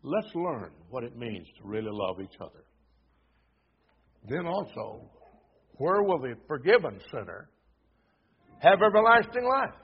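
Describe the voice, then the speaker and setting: A man's voice: medium pitch, sing-song, unhurried, pauses often, breathy edge. A man preaching a sermon at a church service, earnestly exhorting the congregation and reading scripture aloud. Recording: dull lo-fi sermon recording.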